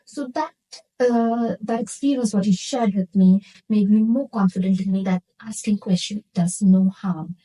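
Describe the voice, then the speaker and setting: A rough recording captures an Indian nurse casually interviewing a guest while earnestly thinking back on her own experiences. Her mid-range voice is mellow and moves at a moderate pace.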